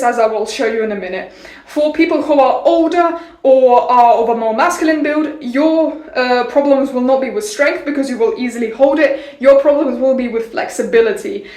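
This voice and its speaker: Playful high-voiced woman teaching violin. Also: normal speed, a little mellow. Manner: playful, jokey, theatrical asides. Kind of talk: casual video lesson. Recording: roomy echo.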